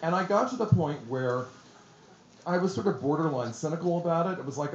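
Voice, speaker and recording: Man, effusive, theatrical, slightly high voice, bookstore talk, roomy dull recording. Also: a little fast, a little hiss or hum. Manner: effusive, theatrical, self-deprecating. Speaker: author at book talk. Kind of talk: casual public talk. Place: bookstore event space.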